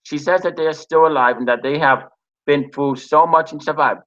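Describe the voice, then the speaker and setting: A man reading out a TV episode recap and then giving his own casual review, in a halting way with frequent restarts and pauses. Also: fairly high pitch, fairly bright tone. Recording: dull lo-fi recording.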